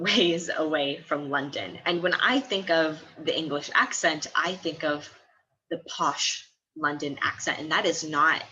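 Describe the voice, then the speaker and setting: A woman's voice: low-pitched, sharp tone, low-quality recording. A woman in her twenties from the American Midwest, chatting casually in a vlog and laughing often between phrases. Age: 20s. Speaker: study abroad student.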